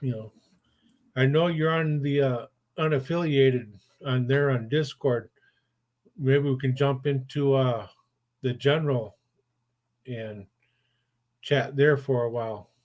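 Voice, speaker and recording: A man's voice: mid-range voice, fairly even intonation, takes it slowly, long pauses, darkish tone. An older man, a grandfather, hosting a casual chat show and telling rambling stories in a blunt, profane way. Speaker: podcast host.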